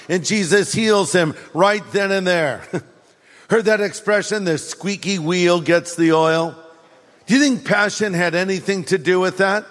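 Male pastor, energetic sermon delivery, higher pitch, reverberant sound. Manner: animated preaching, acts out quoted voices.

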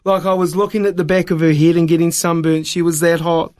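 Lively high-voiced storytelling New man. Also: a little fast. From New Zealand. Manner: lively, self-mocking storyteller. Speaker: evangelist guest. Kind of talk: animated storytelling.

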